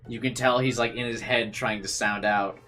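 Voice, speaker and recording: Chatty low-voiced man reading a visual novel. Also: steady tone, moderate pace, sharp tone, faint music behind. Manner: chatty, amused, reads game text aloud. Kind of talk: casual playthrough commentary.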